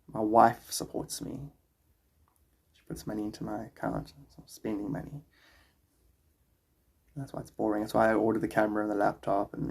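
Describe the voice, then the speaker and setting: South African male streamer, husky and rough-edged, casual and rambling, reads chat aloud. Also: medium pitch, darkish tone. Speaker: livestreamer.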